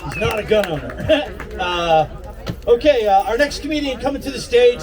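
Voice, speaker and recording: High-voiced man hyping the crowd. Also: lively intonation, moderate pace. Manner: hyping the crowd, loud call-outs. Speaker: comedy show host. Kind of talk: introducing comedians. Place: outdoor patio. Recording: distant mic with loud music.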